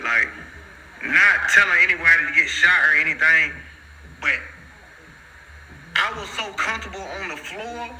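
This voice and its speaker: A man's voice: lively intonation, normal speed, long pauses, bright, forceful tone, slight background noise, rough recording. A man telling a long personal story in a casual, slangy, rambling way. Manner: slangy, rambling, repeats "so boom".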